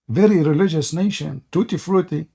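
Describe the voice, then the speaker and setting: A man's voice: on the high side, normal speed, creaky, mellow, breathy edge. A man hosting a live online debate, mocking and sarcastic, laughing often and saying he is losing his voice. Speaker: debate host.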